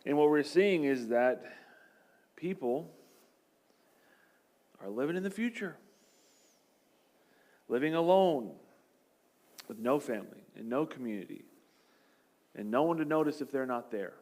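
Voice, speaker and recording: A man's voice: mid-range voice, expressive, moderate pace, pauses often, a little mellow. Joking, conversational man preaching a sermon. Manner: conversational and joking, acting out quoted voices. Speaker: pastor. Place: church sanctuary.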